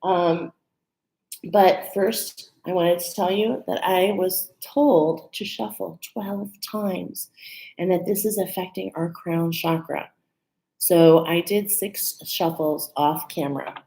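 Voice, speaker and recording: Female card reader, low pitch, casual and chatty, keeps checking in with listeners. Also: fairly even intonation, slow pace, gravelly, rough recording. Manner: warm, chatty, with fillers like "okay?" and "right?"; emotional, laughing and near tears at times. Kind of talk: casual live card reading.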